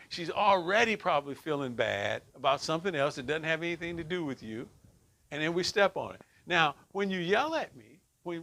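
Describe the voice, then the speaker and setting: Teaching a group class on relationships, a middle-aged man talks conversationally, frequently asking "right?". His voice is a little high, pushed and bright.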